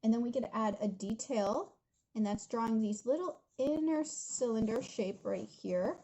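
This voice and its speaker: A young woman with a slightly high, warm voice walks viewers through a drawing tutorial from her home studio, unhurried. She's chatty and giggly, calling them guys, though the recording is rough.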